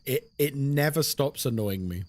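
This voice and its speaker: Heard with a little hiss or hum, this young man from Britain speaks at a moderate pace in a mid-range voice. As a horror game streamer, he's chatty and lively, reading out viewers' messages and answering them in British English.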